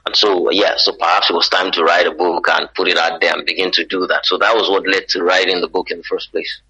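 Low-voiced Nigerian man with a husky tone. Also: fast. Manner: playful, teasing, animated storytelling. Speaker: guest, author and entertainer. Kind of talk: radio interview, joking banter. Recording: muffled radio broadcast.

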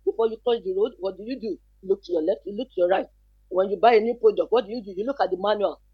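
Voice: medium pitch, rapid-fire, slightly rough, dry recording, lo-fi sound. A child protection advocate who gives earnest advice as a talk show guest, repeating key points and asking rhetorical questions.

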